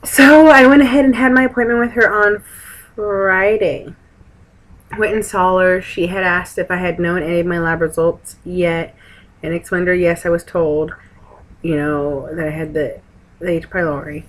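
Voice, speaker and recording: A woman's voice: lowish voice, flat delivery, normal speed, poor audio. Frank, rambling woman vlogging. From Texas. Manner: frank, rambling, sarcastic asides. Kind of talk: casual chat to camera. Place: friend's house, indoors.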